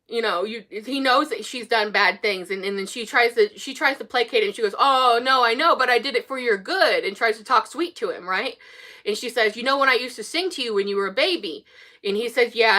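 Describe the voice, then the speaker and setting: Female film-commentary host, bright, rambling and earnest delivery. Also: a little high. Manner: rambling, retells scenes with many fillers and restarts; earnest and emotionally invested. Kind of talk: casual spoken film analysis.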